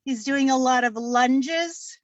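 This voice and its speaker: Slow deadpan woman comic. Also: sits high, no echo, highs cut off. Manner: deadpan, slow delivery with many fillers and repeated punchlines. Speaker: stand-up comedian. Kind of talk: stand-up comedy set.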